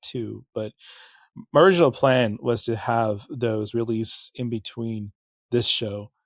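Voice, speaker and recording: Rambling, candid podcast host. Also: male voice, medium pitch, creaky, a little mellow, no room sound, clean studio sound. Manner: rambling, candid, curses, frequent restarts and self-corrections. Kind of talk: casual podcast monologue and history narration.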